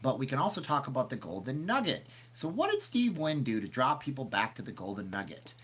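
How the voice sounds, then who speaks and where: A man's voice: medium pitch, big pitch swings, brisk, a bit bright, husky. A man hosting a casual livestream, rambling and chatty as he reads questions from the chat aloud, sniffly from seasonal allergies. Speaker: channel host answering live chat.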